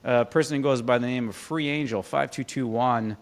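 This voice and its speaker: A man's voice: medium pitch, fairly even intonation, fairly quick. A man co-hosting a casual political podcast, wry and teasing as he reads out listener comments. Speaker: podcast co-host.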